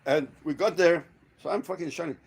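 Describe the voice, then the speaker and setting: Swearing host guy, gravelly, kinda high voice, livestream chat. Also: a little fast. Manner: swears a lot, animated storytelling.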